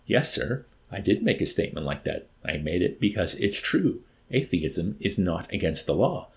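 A man's voice: deep voice, very animated, moderate pace, gravelly, heavily acted. Man voicing a pleading, anguished army chaplain. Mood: earnest. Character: meek distressed male army chaplain.

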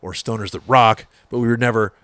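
Guest: man, Bay Area metal guitarist, low voice, swears a lot, acts out quotes as he tells the story, dry room sound. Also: fairly even intonation, fairly quick, a bit bright, dry recording. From San Francisco Bay Area. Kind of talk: casual storytelling interview.

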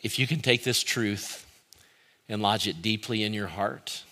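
A man preaching a sermon as pastor, shifting between loud animated bursts and quiet, slow emphasis. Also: lowish voice. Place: church service streamed online.

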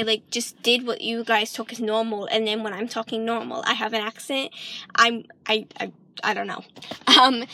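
A young woman from Michigan talks through a rambling, casual vlog, full of ums and restarts, and every so often her words take on a British-sounding lilt. Her voice sits a little high and sounds bright and sharp. The recording is close and dry, with almost no room sound. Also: no echo. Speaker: vlogger.

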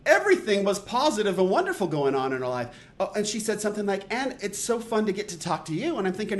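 Man, middle-aged, podcast host, casual storytelling, rambling, self-deprecating, higher voice. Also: very animated, fast, hardly any pauses. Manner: rambling, self-deprecating, lots of restarts and fillers.

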